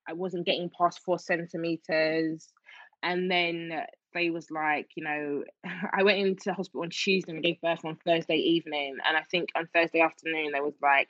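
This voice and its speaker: A woman's voice: sits low, steady tone, moderate pace, fairly bright tone, no echo. A woman telling a personal story as an interview guest, emotional, with many fillers and restarts. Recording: dull dry lo-fi sound.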